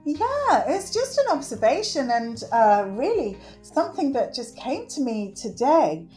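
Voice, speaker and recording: Faint music sits behind a middle-aged woman speaking a little slowly in a high-pitched voice. She is a guest in a conversational interview, works with children, and speaks earnestly and animatedly, acting out quotes.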